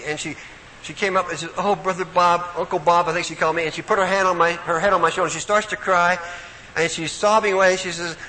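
Male preacher for a sermon, bright and highly animated, long hall reverb. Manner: animated, storytelling, emphatic. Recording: echoey hall, faint room noise.

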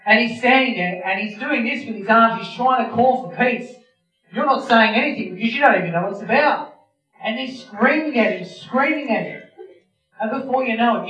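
A man's voice: sits high, a bit bright. A man preaching a sermon, retelling a scene vividly and speaking straight to his listeners. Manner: vivid storytelling, addresses listeners directly. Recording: roomy, distant, dull sound with faint music.

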